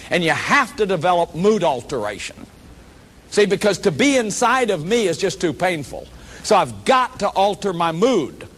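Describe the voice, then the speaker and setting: Male workshop lecturer, higher voice; animated, acts out what people say, restarts sentences often. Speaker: lecturer on shame and addiction.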